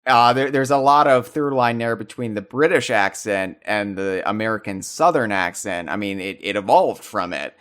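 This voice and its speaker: A man in casual podcast chat about video games, restarting his sentences often with animated asides. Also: lowish voice, moderate pace, few pauses, clear, resonant tone. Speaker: podcast co-host.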